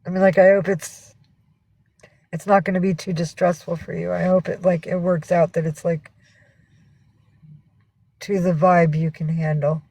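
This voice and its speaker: A woman's voice: fairly low pitch, little pitch movement, moderate pace, long pauses, mellow, breathy edge, no room sound, rough recording. A woman hosting a casual livestream from home, rambling and swearing as she greets viewers and coaxes her cats. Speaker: livestream host.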